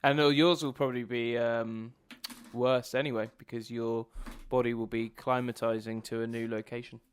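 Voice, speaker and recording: A man's voice: mid-range voice, flat delivery, clear, resonant tone. A man co-hosting a podcast, chatting casually and swearing now and then. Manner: casual, swears, quick reactions. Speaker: podcast co-host.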